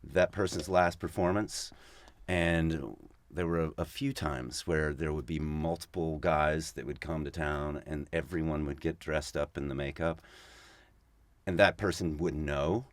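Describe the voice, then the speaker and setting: A man's voice: very deep voice, fairly even intonation, a little slow, no room sound. A middle-aged man telling stories in casual podcast chat, rambling and restarting as he talks. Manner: rambling, with many restarts and fillers. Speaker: podcast guest.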